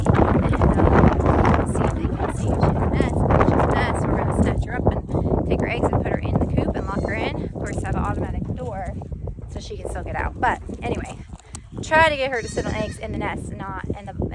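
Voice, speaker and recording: A woman's voice: mid-range voice, heavy background noise. A woman chatting casually as she vlogs from her farm, rambling with lots of fillers, without a clip-on mic. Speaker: homesteader vlogger. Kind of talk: casual vlog chat. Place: farm outdoors. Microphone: camera mic, no lapel.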